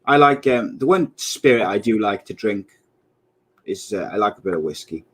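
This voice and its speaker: A man's voice: fairly low pitch, animated, normal speed, slightly rough. A man in his thirties co-hosting a casual podcast chat, joking and often laughing at his own gags. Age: 30s. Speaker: podcast co-host.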